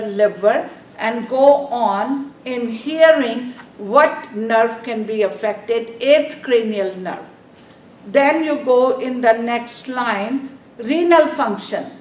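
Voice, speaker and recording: A woman's voice: a little high, takes it slowly. A woman teaching a nursing exam review class. She drills her students with questions and repeats key terms for them to write down, and her grammar is non-native. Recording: echoey classroom from a distant mic.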